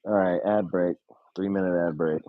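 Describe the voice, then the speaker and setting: Reacting live from his home stream, this man is blunt and easily excited, dragging out his "oohs" and cursing casually. He has a deep voice, and the audio is narrow and tinny with no echo.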